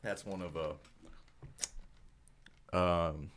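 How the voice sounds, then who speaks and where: A young man co-hosting a casual podcast, low-key and self-conscious, swearing casually. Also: fairly even intonation, drawn-out words, a bit bright. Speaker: podcast co-host.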